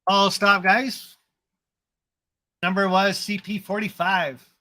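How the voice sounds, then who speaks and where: Bright-voiced male stream host. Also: sits high, flat delivery, takes it slowly. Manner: chatty, upbeat, rambling. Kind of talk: casual live stream chat.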